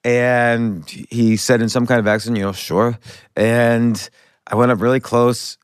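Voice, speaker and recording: A man's voice: medium pitch, little pitch movement, measured pace, clear, resonant tone, no room sound, clean studio sound. A middle-aged man hosting a podcast, telling a story in a rambling, self-correcting way. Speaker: podcast host. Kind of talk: casual conversational interview.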